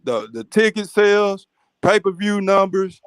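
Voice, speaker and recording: A man with a smooth, clear voice makes blunt, profane points in a podcast debate. He sits a little high in his range, and the sound is dry and close. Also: expressive, unhurried, dry recording. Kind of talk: heated casual debate.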